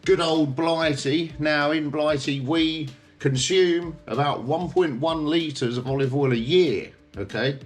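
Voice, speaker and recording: Unhurried British man explaining casually. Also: on the high side, soft background music. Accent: British English. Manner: chatty, checks in with tag questions like okay and yeah. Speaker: host.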